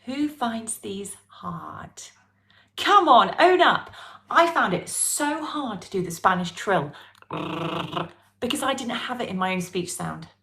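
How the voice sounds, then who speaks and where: A woman with a British English accent teaching a pronunciation class, coaxing her students and drilling sounds with careful repetition. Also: a little high. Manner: lively, coaxing, drills sounds slowly and repeats them. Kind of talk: live online pronunciation lesson.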